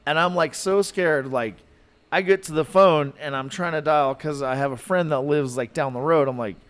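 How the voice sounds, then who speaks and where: A man's voice: a little high, normal speed, clear, resonant tone. Rambling man telling a spooky story. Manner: animated, rambling, lots of likes and fillers. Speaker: podcast guest telling a story. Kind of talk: casual storytelling.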